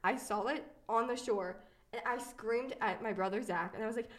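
A woman's voice: on the high side, moderate pace. A young woman hosting a podcast, telling personal stories in casual chat, chatty and giggly with many fillers. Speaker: podcast host.

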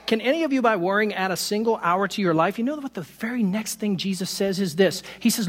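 A man preaching a sermon to his congregation, animated and quick to poke fun at himself with laughing asides. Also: high voice, breathy edge, long reverb tail. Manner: animated, self-deprecating humor, laughs at own stories. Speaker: pastor. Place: church sanctuary.

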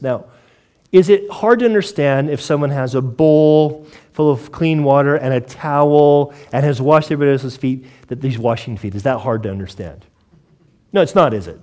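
A male pastor delivering a sermon to his congregation, lively and joking, often asking rhetorical questions. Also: medium pitch, normal speed. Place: church before a congregation.

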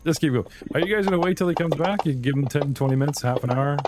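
A man's voice: fairly high pitch, rapid-fire, heavy background noise. A middle-aged man from the United States running a tabletop game as game master, joking and laughing often.

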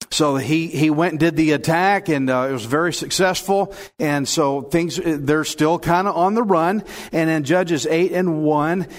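Earnest preacher man, fairly high voice. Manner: earnest, conversational preaching with quoted voices and restarts; drops low and soft in prayer. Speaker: pastor teaching the Bible. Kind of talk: sermon with prayer and Bible reading.

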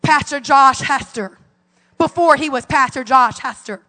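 A woman's voice: sits high, a little slow, sharp tone, long reverb tail. A woman in her forties preaching a fervent sermon as pastor, calling out to her congregation in a church sanctuary. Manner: fervent preaching with call-and-response.

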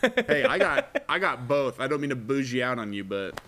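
A man's voice: medium pitch, wildly swooping pitch, moderate pace, vocal fry, bright, forceful tone. A man co-hosting a podcast in casual chat, sarcastic and mock-exasperated. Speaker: podcast co-host.

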